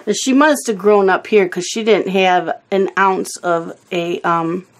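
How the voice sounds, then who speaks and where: Woman, unhurried speech, mid-range voice, casual chat while coloring, rambling storyteller. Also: mid-range voice, fairly even intonation, a little hiss or hum. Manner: rambling storytelling, loses her words. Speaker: coloring video host.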